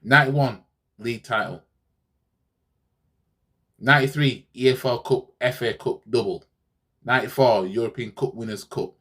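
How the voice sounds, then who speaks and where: A man's voice: mid-range voice, moderate pace, pauses often, sharp tone, slightly rough. A man hosting a fan channel, ranting sarcastically in a heated football reaction, repeating himself as he goes.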